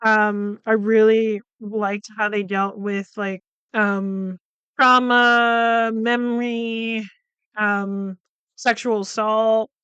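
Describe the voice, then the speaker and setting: A woman with a very smooth, crisp voice pitched a little high talks through a film's plot as a podcast host. Her delivery is loose and chatty, full of fillers and the odd swear. The sound is dry and close. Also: flat delivery, drawn-out words, fairly bright tone, dry recording, lo-fi sound. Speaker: podcast host reviewing a film. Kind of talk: casual film recap.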